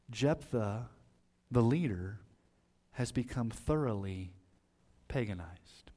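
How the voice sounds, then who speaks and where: A pastor delivers a sermon, his voice climbing sharply when he emphasizes something and sinking low and quiet on grave points.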